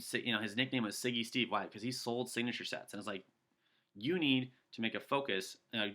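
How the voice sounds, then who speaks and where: A man giving an energetic sales training talk, coaching his listeners and acting out customer pitches. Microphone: video call.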